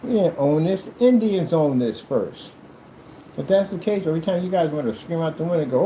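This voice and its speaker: A man from the United States ranting in a loose, theatrical monologue. His pitch swings widely as he gets worked up, and his voice stays mellow and dark throughout. He keeps breaking into mock old-fashioned formal speech. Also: expressive, fairly quick, a little hiss or hum, rough recording. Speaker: video creator.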